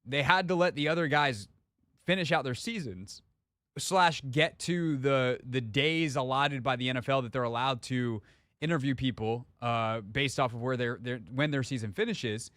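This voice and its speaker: A man's voice: medium pitch, normal speed, a bit bright, dry recording, studio quality. A man hosting a sports radio show, talking in a loose, rambling, joking way. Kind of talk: casual talk radio banter. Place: radio studio.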